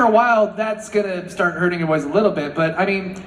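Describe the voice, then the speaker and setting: Jokey guy on a con panel, bouncy high voice, echoey hall, crowd noise. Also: fast, hardly any pauses. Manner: playful, jokey, slips into silly voices. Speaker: panel guest voice actor. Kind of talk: casual panel Q&A.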